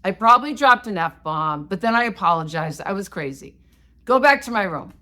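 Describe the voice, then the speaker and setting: A woman co-hosting a podcast, telling a story in a casual, animated, self-mocking way. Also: medium pitch, moderate pace. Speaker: podcast co-host.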